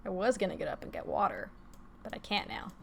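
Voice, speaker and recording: A woman's voice: fairly low pitch, big pitch swings, brisk, gravelly. Casual woman streamer cooing at her cat. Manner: swears casually. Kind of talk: casual live-stream chat.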